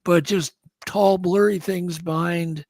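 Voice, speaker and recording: Gravelly, husky man telling stories. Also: high-pitched, takes it slowly, no room sound, clean studio sound. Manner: excitable, acts out the sounds he describes. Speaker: guest. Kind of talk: animated storytelling.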